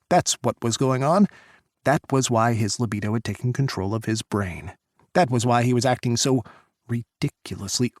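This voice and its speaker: Gravelly male audiobook narrator. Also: medium pitch, a little mellow, no room sound, clean studio sound.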